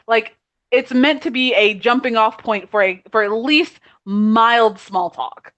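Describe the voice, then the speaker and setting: A woman with a slightly raised pitch vents about a pet peeve in a casual video-call chat. She talks chattily and with exasperation, acting out little quoted exchanges. The call audio sounds muffled and lo-fi. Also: a little slow, a bit bright. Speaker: podcast co-host.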